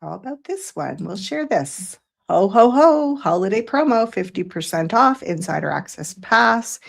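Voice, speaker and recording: A woman hosting a live psychic show, reading out viewer comments and thanking them one by one in an effusive, unhurried way. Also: fairly low pitch, lively intonation, gravelly, slightly rough.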